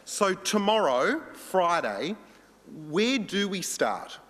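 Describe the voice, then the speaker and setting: A man's voice: high voice, big pitch swings, slow, fairly bright tone. A man moderating a conference panel in an upbeat, playful way. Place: large conference hall. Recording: long hall reverb.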